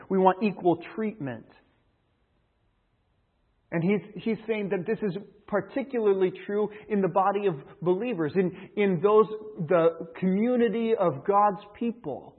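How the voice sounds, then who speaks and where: A man's voice: sits high, breathy edge. A man preaching a Bible-teaching sermon in a conversational, explanatory way. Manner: conversational, explains by retelling a fable. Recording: tinny phone-like line.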